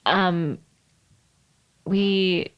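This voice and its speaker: A woman's voice: fairly low pitch, steady tone, drawn-out words, smooth, dull audio. A woman co-hosting a podcast, chatting casually and laughing often. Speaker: podcast co-host. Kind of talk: casual chat.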